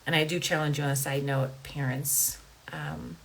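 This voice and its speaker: A woman's voice: low-pitched, fairly even intonation, normal speed, gravelly, fairly bright tone, a little hiss or hum, poor audio. A woman in her thirties hosting a coaching podcast, talking earnestly and conversationally and checking in with "right?" and "okay?". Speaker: life coach and podcast host. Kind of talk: casual podcast monologue.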